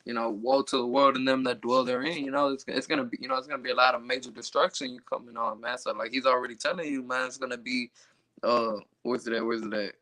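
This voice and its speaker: A man's voice: medium pitch, little pitch movement, fast talker, pushed and bright, no room sound, rough recording. A man reading scripture aloud, then commenting loosely with lots of fillers and stumbling over hard words. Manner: reads verses, then riffs loosely with many fillers. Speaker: Bible study reader.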